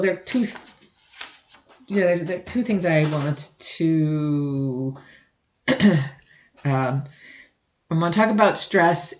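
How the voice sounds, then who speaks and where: A woman instructor giving a recorded lecture, often clearing her throat and restarting sentences. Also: deep voice, roomy sound, dull audio. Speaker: college instructor.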